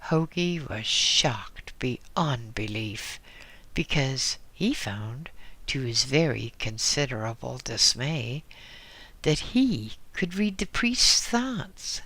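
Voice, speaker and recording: A man reading an audiobook in a slow, measured way, dropping into soft whispers now and then. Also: medium pitch, very animated, slightly rough. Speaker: audiobook reader. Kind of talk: scripted audiobook narration.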